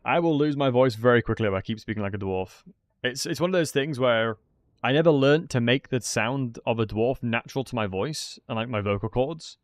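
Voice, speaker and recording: A man's voice: mid-range voice, brisk, no echo, studio quality. A man giving casual commentary while playing a strategy game, chatting and thinking aloud. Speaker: gaming streamer.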